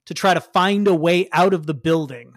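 A game master narrating a tabletop role-playing game in a lively, explanatory way. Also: medium pitch, normal speed, dry recording, clean studio sound. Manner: lively, explanatory, laughs often.

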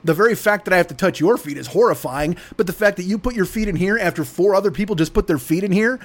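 A podcast host delivers a profane comic rant, cursing heavily and lapsing into mocking voices. He's a fast talker with a high-pitched voice.

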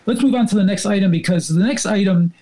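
A man with a slightly raised, gravelly voice walks through events as a guest reporter. He explains in a wry, halting way, full of fillers and restarts. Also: high voice, dark tone, poor audio. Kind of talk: casual political talk.

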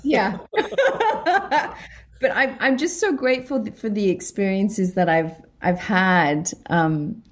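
A young British woman, an actor, chatting in an interview, excitable and self-deprecating, often laughing. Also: mid-range voice, slow pace. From Britain. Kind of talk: interview chat.

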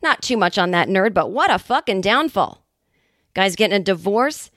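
Comedian woman in her fifties hosting her own podcast, animated and salty, on a dry close mic. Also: medium pitch, moderate pace, no echo. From New England, Boston area. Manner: animated, profane, jokey asides. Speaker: podcast host and stand-up comedian. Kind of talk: casual comedic monologue.

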